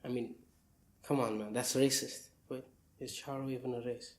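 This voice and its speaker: A man's voice: medium pitch, fairly even intonation, moderate pace. Teasing man with a Durban accent. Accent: South African, Durban. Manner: teasing, interrupting, mock-indignant. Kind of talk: joking banter. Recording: echoey room sound.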